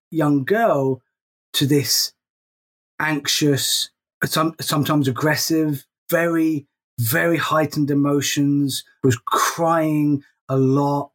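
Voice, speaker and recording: A middle-aged man with a slightly husky voice, talking earnestly in a casual podcast chat. He often repeats a word as he lands on a point. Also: on the high side. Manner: earnest, repeats words when emphatic. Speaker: podcast co-host.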